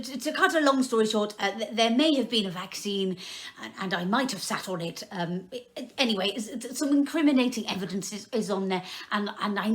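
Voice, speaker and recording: A man voicing a flustered, bumbling prime minister who rambles and stammers. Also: high voice.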